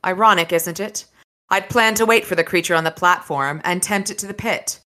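A cool, dry crime boss who never raises his voice, read aloud by a woman. The voice sits low and comes across forceful and sharp, and it stays level and unhurried even under threat. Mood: dry calm. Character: dry, calm adult male crime boss.

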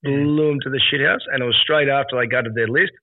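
A man with an Australian accent co-hosting a podcast, trading joking football banter in a relaxed way. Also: medium pitch, quick pace, dry recording. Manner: laid-back joking footy banter. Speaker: podcast co-host. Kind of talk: casual chat. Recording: tinny phone-like remote call.

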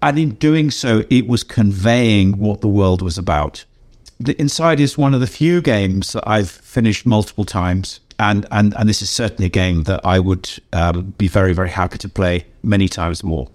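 An older English man, a game designer being interviewed, telling anecdotes in a lively way and acting out the voices of people he quotes. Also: on the low side, normal speed. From England. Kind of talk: animated storytelling in an interview.

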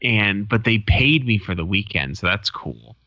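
A man with a fairly low but bright, forceful voice tells profane stories as a podcast co-host. He acts out the people he quotes in a casual, chatty way. The sound is dry and a little dull. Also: animated, normal speed, dry recording. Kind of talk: casual chat.

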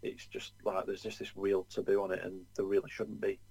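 Man, low voice, casual podcast chat, rambling asides. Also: flat delivery, brisk, vocal fry, a little mellow, breathy edge, poor audio. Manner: chatty, full of "you know" asides. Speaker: podcast co-host.

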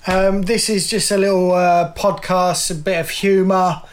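A man's voice: high-pitched, level tone, unhurried. A middle-aged man co-hosting a podcast, chatting casually, rambling and laughing often. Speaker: podcast co-host. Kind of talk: casual chat.

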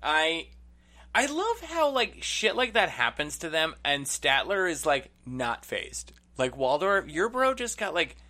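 A man co-hosting a podcast in relaxed conversation, his pitch swinging widely as he talks. His tone is bright and forward, and he keeps things chatty with quick asides. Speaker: podcast co-host. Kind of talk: casual chat recapping an episode.

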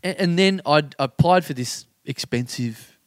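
A man's voice: on the high side, measured pace, dry recording, clean studio sound. An Australian man co-hosting a live podcast, telling a long rambling story with swearing and acted-out quotes. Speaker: podcast co-host.

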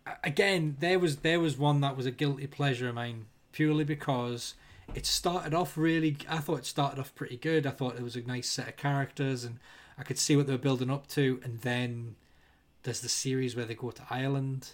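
Scottish male co-host, relaxed and conversational, a bit sweary. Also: medium pitch, fairly quick. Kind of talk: casual chat.

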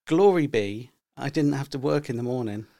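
A man's voice: medium pitch, expressive, moderate pace, creaky, dark tone. A middle-aged man co-hosting a podcast, rambling through stories in casual chat and acting out what people said. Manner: rambling storyteller, acts out quotes. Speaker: podcast co-host.

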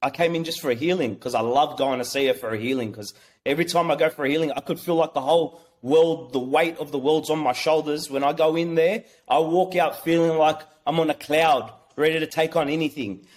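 A man telling a personal story as an interview guest, excitable and rambling, with many restarts. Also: fairly high pitch, a little fast. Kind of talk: casual storytelling.

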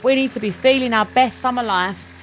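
A woman's voice: on the high side, brisk, a little hiss or hum. A young woman hosts a casual solo podcast, chatting and ranting for fun, then reassuring her listeners. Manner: warm and reassuring when answering listeners. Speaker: podcast host.

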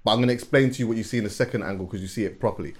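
A man hosting a podcast in casual chat, telling stories in an animated way and often repeating words as he gathers his thoughts. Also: on the low side, racing, breathy edge. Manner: animated storyteller, repeats words while thinking, laughs as he tells stories. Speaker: podcast host.

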